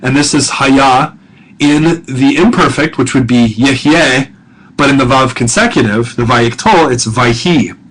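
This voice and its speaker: A man giving a recorded grammar lecture as a professor, patient and chatty, slowing down to sound out foreign words carefully. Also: medium pitch, fairly bright tone, poor audio.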